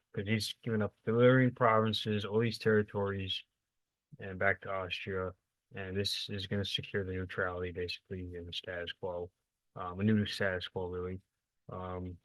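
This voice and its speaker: Low, flat-voiced man rambling through history. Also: no room sound, dull audio. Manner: rambling and informal, many fillers and self-corrections, quick asides. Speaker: presenter of a history lesson. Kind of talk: casual unscripted lecture.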